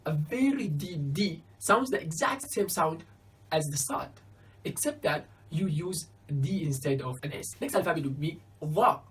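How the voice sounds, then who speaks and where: Woman teacher, lowish voice, very slow deliberate delivery, careful letter-by-letter instruction. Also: lively intonation. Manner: careful, spells out each letter and example word. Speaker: Arabic teacher. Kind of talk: slow beginner alphabet lesson.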